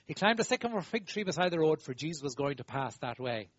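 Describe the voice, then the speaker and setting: A man preaching a sermon, talking emphatically and swinging between loud exclaiming and quiet asides. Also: on the high side, very animated, fast talker, no echo. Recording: dull lo-fi dry recording.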